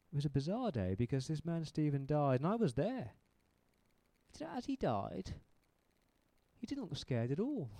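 Saul, a zealous man who hunted believers and now confesses it, played by a preacher in a sermon monologue. He tells the story dramatically in a fairly high voice that swoops up and down. His voice sounds dry and close, and he throws questions straight at his listeners. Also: warm tone, dry recording. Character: Saul, zealous male persecutor turned repentant.

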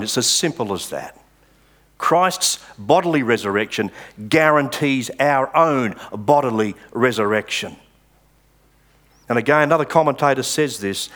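A male pastor preaching a sermon, reading scripture with dramatic pauses and stressed words. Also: mid-range voice, a bit bright.

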